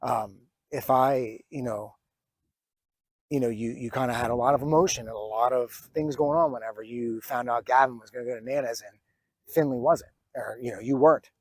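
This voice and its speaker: A man's voice: mid-range voice, moderate pace, darkish tone, no room sound. A man in his forties telling a personal story in a vlog, earnest and reflective, with many fillers and restarts, close to tears at times. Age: 40s. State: emotional, near tears at times. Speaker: vlogger.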